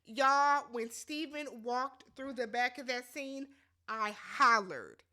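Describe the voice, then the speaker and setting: A woman hosting a casual recap show, talking bluntly and emphatically, swearing freely and slipping into quick imitations of the people she discusses. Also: high voice, slight background noise. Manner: animated and emphatic, blunt and profane, quick to mimic others. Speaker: reality show recap host.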